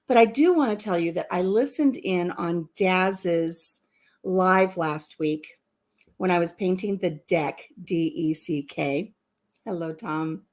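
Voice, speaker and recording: A woman hosting a casual livestream chat, giggling often and repeating herself as she talks. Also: on the low side. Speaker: livestream host.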